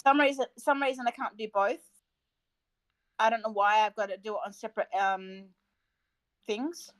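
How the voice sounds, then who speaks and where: A woman's voice: fairly high pitch, steady tone, normal speed, dry recording, rough recording. A woman from England chatting over the phone with a streamer, talkative and hesitant, with lots of fillers. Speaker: friend on phone call. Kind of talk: casual chat.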